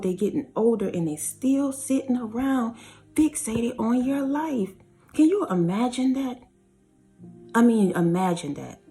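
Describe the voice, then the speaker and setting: A woman delivers a spiritual reading in an emphatic, preachy way, stretching her words out for effect. Her voice is mellow and warm, with faint music playing underneath. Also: lowish voice. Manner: emphatic, preachy, drawn-out phrases. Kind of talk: spiritual reading commentary over song lyrics.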